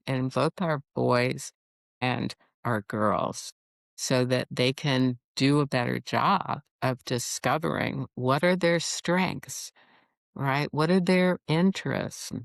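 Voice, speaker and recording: A middle-aged woman psychologist, a podcast guest, explaining in a calm, measured way. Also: a bass voice, gravelly, dry recording, studio quality. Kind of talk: podcast interview.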